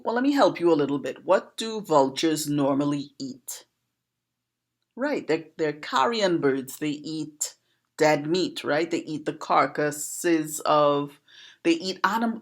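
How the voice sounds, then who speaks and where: Slow, low-voiced Trinidadian woman teacher. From Trinidad and Tobago. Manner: patient, questioning, teacherly. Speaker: poet and educator. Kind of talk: explaining a proverb to camera.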